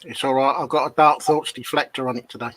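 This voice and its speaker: A man's voice: mid-range voice, steady tone, fast, a bit bright, no echo, poor audio. A man joining a live stream over his webcam, trading playful teasing banter with his co-host. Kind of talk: casual live-stream chat. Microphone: webcam on a video call.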